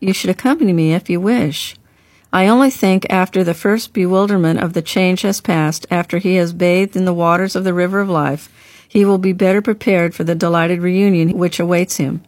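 A woman reading the part of a gentle older brother in an audiobook, speaking calmly and softly. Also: high voice, normal speed, no echo. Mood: earnest. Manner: gentle, calm, softly reassuring. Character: gentle grown man, a caring older brother.

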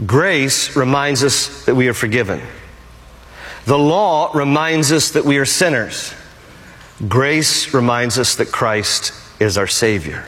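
A man's voice: mid-range voice, lively intonation, takes it slowly, fairly bright tone. Emphatic male pastor preaching in a hall. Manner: emphatic, repeats key phrases. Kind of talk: sermon.

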